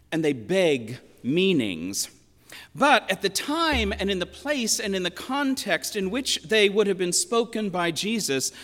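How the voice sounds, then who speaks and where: A man in his sixties from western Pennsylvania, preaching a sermon as a pastor in a reflective, measured storytelling manner with emphatic quotations. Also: high voice, fairly bright tone. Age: 60s. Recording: long reverb of a large hall.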